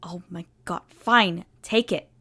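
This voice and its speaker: A woman's voice: mid-range voice, steady tone, takes it slowly, clear, resonant tone, dry recording, lightly acted. A woman voicing a playful, giggly young woman who jokes and teases. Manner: joking, teasing.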